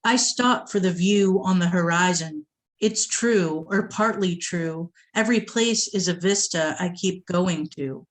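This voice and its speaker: A woman from the Boston area reading her poems aloud at a poetry event, with a measured delivery and short asides to the audience. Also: lowish voice. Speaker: poet reading her work.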